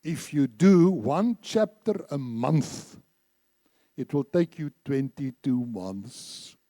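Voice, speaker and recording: A man's voice: mid-range voice, expressive, takes it slowly, warm tone, no echo. A man preaching a sermon in a church, emphatic, repeating phrases and leading the congregation in reciting scripture. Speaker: church speaker.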